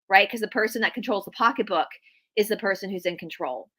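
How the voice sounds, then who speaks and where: Bright-voiced Southern US woman. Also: medium pitch, fast talker. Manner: opinionated, chatty, restarts often. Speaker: guest historian. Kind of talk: casual livestream chat.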